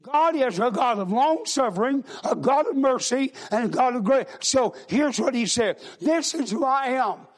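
A male preacher gives a sermon in a very high-pitched voice, speaking in a folksy way that checks in with his congregation and often circles back to repeat and restart his words. He is expressive, talks at normal speed, and barely pauses.

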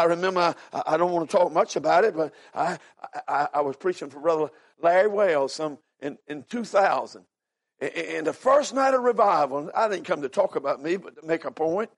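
Older male preacher, high voice, fervent, shouts and hushes by turns. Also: gravelly. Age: 70s. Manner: fervent, swinging from hushed storytelling to shouted cries; peppers talk with "amen" and "are you listening". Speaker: visiting preacher. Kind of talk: sermon.

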